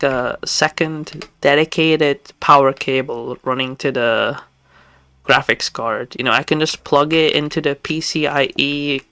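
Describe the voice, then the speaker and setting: A game streamer chatting casually while playing live, talking in a halting, stammering way with many restarts. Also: medium pitch, a bit bright.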